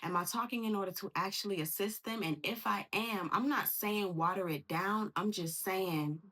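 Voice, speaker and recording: Husky-voiced woman giving a slangy tarot reading. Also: mid-range voice, moderate pace. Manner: animated, slangy, acts out quoted voices. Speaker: tarot reader. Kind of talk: casual tarot reading monologue.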